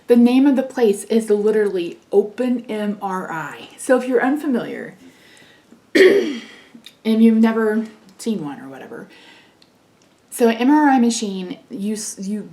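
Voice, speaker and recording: A woman's voice: mid-range voice, gravelly, a little mellow. A woman vlogger chatting casually while doing her makeup, telling stories and acting out what people said. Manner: chatty storytelling, frequent laughs, acts out dialogue. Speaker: beauty vlogger. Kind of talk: casual get-ready-with-me chat. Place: home, indoors.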